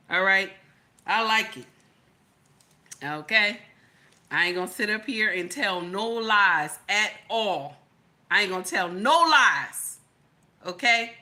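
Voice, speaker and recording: A woman hosting a live stream, reading the chat aloud in a sassy, teasing, chatty way. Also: medium pitch. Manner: sassy, teasing, chatty with loud laughing outbursts.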